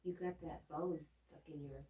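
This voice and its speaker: A woman's voice: low voice, steady tone, a little slow, warm tone. A woman hosting a casual early-morning livestream at home, reading viewer comments aloud and cooing in baby talk to her dog. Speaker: livestream host. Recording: roomy sound, mic far off.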